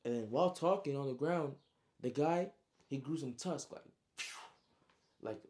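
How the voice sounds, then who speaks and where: A man's voice: mid-range voice, a little slow, a little mellow. A young man casually recapping his own story in heavy slang, adding spoken sound effects as he goes.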